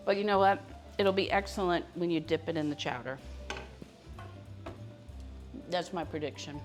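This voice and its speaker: With faint music in the background, a woman with a lowish voice talks fairly quickly as she cooks live in her home kitchen. She's a cooking show host, chatting with viewers throughout the demonstration.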